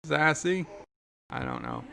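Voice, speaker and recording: A man's voice: on the high side, huge pitch swings, slow, gravelly, pushed and bright, slight background noise. A man hosting a casual livestream, chatting loosely and reading viewer comments aloud, often restarting his sentences. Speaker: livestream host.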